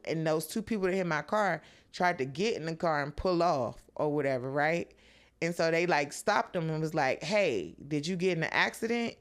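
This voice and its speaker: A woman's voice: low voice, smooth. A woman guest on a podcast, telling stories in a laid-back casual chat, with many "like"s. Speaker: comedian guest.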